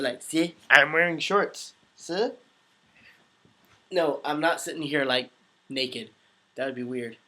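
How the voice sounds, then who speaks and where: Bright-voiced young man chatting with viewers. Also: a little high. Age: young adult. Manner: chatty, laughs often, reads viewer questions aloud. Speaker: voice actor answering live chat. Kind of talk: casual live-stream chat.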